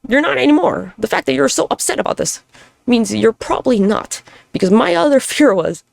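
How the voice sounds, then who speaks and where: A woman's voice: a little high, lively intonation, brisk, gravelly, darkish tone, no echo, clean studio sound. A woman hosting a solo podcast monologue, talking in a candid, rambling, profane way with self-deprecating humor. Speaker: podcast host.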